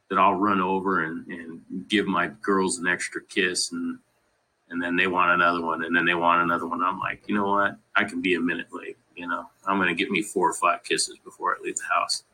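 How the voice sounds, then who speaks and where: On a rough recording, a man with a low-pitched, sharp-toned voice tells family stories as a podcast guest. He's from Colorado, USA, and his casual, meandering delivery is full of laughter at the funny moments and constant "you know"s.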